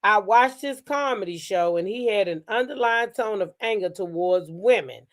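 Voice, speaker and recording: A woman's voice: medium pitch, animated, normal speed. A woman hosting a casual gossip commentary show, blunt, profane and sassy, talking straight to her audience. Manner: addresses the audience directly.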